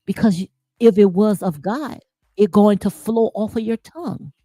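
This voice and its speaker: A woman's voice: medium pitch, normal speed, warm tone, no room sound, soft background music. A woman giving impassioned spiritual commentary, preachy and emphatic, repeating phrases for emphasis. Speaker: commentary host.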